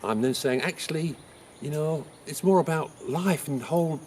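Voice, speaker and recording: An actor with an English accent playing the playwright Shakespeare, chattily teaching how to write a sonnet. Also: male voice, fairly high pitch, normal speed, darkish tone, a little hiss or hum, close to an everyday voice. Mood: friendly teaching. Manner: chatty, explains things with homely examples. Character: William Shakespeare, chatty old male playwright. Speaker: writing teacher. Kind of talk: in-character writing lesson.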